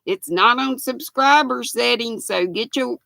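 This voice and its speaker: A woman's voice: fairly high pitch, unhurried, gravelly, pushed and bright, no room sound. An older woman, hosting a casual livestream and greeting viewers by name as she reads the chat aloud. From United States. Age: 60s. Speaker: livestream host.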